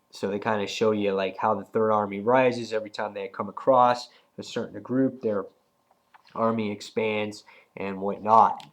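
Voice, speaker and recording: A young man with a cold, reviewing a comic book in a rambling, slangy, excitable way. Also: lowish voice. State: has a cold. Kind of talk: casual video review.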